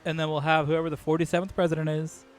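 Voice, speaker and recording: A man's voice: a little high, flat delivery, fast, slight background noise. A man chatting casually while gaming, teasing his friend and laughing often. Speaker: gamer.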